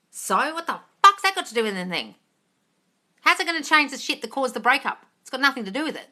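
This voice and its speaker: Brash, bright-voiced woman hosting a live Q&A. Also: fast talker. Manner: blunt and profane, calls viewers darling; animated, swinging between loud emphasis and low asides. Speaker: manifesting coach hosting a live Q&A. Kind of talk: casual live-stream chat answering viewer comments.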